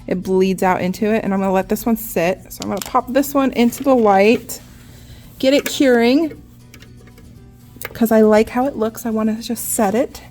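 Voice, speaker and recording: A young woman, a nail artist, giving a relaxed, chatty step-by-step nail art tutorial, often saying "like". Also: on the high side, normal speed, faint music behind.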